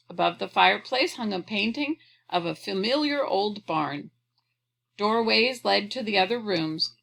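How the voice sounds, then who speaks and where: Bright, gravelly-voiced woman reading a storybook. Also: medium pitch, rough recording. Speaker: audiobook reader. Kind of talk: storybook read-aloud.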